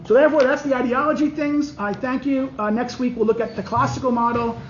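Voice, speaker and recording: A man, a political science professor, giving a halting classroom lecture with many restarts while walking through diagrams. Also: extremely high pitch, fairly even intonation, a little hiss or hum. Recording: muffled lo-fi lecture recording.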